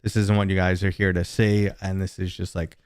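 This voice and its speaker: Low-voiced chatty man streaming from home. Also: flat delivery, brisk, clean tone, dry recording, studio quality. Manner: rambling, chatty, talks to viewers and his dog. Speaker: gaming livestream host. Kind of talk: casual livestream chat.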